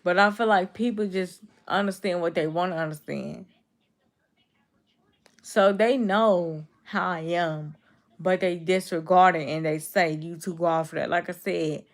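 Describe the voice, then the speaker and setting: This Chicago-accented woman in her twenties hangs out on a livestream, responding directly to the comments her viewers leave. She has a naturally deep, gravelly voice that people watching often mistake for a cold.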